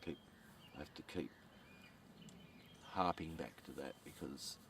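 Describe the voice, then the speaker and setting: Deep, slow-talking man with a gravelly voice, rambling to camera outdoors, heard from a distance with faint ambient noise. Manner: meandering, repeats words, swears, chuckles often. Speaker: vlogger.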